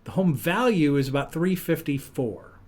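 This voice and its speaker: A man's voice: fairly high pitch, expressive, normal speed, a little mellow. Jokey Midwestern American man hosting a podcast. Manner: jokey, loose, with fillers and laughs. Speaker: podcast host. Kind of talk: casual podcast chat. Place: podcast studio.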